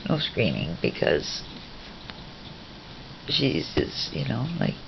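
A woman's voice: extremely low pitch, takes it slowly, gravelly. A woman filming her pets at home and chatting to them in a teasing, sing-song way. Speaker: pet owner filming her birds. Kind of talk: casual talk to pets while filming. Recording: dull lo-fi home video with steady noise.

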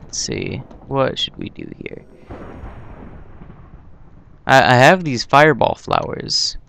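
A young man hosting a gaming channel, giving casual, excitable commentary on his own gameplay with yelps and laughs. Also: mid-range voice, takes it slowly, creaky, slight background noise.

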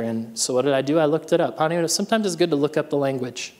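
Fairly high-voiced preaching pastor in reverb. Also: male voice, fast, few pauses, darkish tone. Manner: reads scripture aloud, then preaches with rising energy and calls to the congregation. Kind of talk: sermon. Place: church sanctuary.

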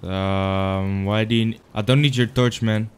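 A young man giving casual game commentary, excitable and swearing, breaking into sudden yells. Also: on the low side, measured pace, clear, resonant tone. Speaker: gaming YouTuber.

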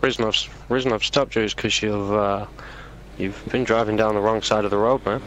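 A British man playing a police officer in a game role-play, relaxed and informal with hesitant fillers. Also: lowish voice, normal speed, a little hiss or hum, poor audio. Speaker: player acting as a police officer.

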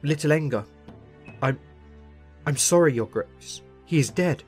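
A man's voice: on the high side, expressive, unhurried, breathy edge, faint music behind, voice pushed up. A man voicing an out-of-breath maester who stammers out grave news. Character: out-of-breath older male maester bearing grim news.

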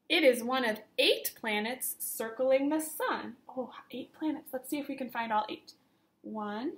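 A woman teacher reads a storybook aloud to small children, pausing to count each number together with them. Her voice sits high and her delivery is unhurried and sing-song. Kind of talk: read-aloud lesson for young children.

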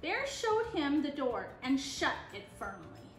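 A woman reading a picture book aloud with a high, lively voice that rises and falls a lot. The reading sounds like an echoey room, with faint music under it. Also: unhurried. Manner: expressive, animated read-aloud. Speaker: storyteller.

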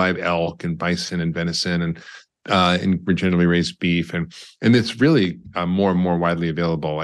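A man, a doctor, explaining health topics as an interview guest and listing examples as he goes. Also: sits low. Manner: explanatory, lists examples, frequent restarts. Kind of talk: conversational interview.

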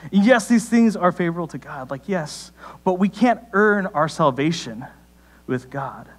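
A young man preaches in a relaxed, conversational sermon, telling a story from his week. His voice sits a little high and leaps upward when he gets excited. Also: moderate pace. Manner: conversational storytelling with sudden rises in pitch. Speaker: pastor.

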